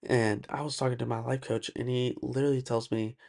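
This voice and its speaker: A man talks alone on his own podcast, pushing his points hard and circling back with repeated words and fillers. His voice sits at a middling pitch with a strong gravelly edge. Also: little pitch movement, brisk, darkish tone. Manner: emphatic, ranting, repeats words and uses many fillers. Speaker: podcast host. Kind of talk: solo podcast monologue.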